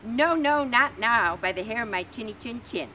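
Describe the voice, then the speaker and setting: Woman putting on a squeaky little piglet. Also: quick pace, a little hiss or hum, natural voice. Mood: defiant. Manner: squeaky, piping and excited. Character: small polite male piglet.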